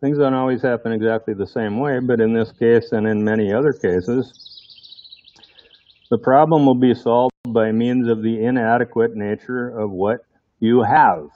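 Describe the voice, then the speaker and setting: A man preaches a sermon in a relaxed, conversational manner and keeps putting questions to his listeners. His voice sits at an ordinary pitch for a man. The recording is dry and a little dull and muffled. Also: moderate pace, dry recording. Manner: conversational, asks the congregation rhetorical questions.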